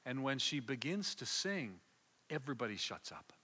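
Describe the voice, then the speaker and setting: A man preaching a sermon, telling a story with passion and swinging from hushed to loud, often repeating words as he builds. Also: medium pitch, big pitch swings, normal speed, husky.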